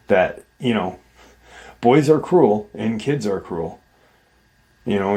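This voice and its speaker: Slow, deep-voiced man retelling a story. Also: darkish tone. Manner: conversational, acts out quoted dialogue with many "like" and "you know". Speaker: host retelling a viewer's encounter. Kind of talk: casual spoken retelling of a paranormal account.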